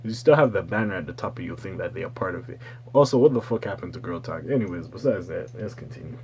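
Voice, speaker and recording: A man hosting his own channel, giving loose, profane, rambling casual commentary with slangy asides and sudden excited bursts. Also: low voice, fast talker, slight background noise. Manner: swings into loud excited bursts. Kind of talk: casual pop-culture commentary.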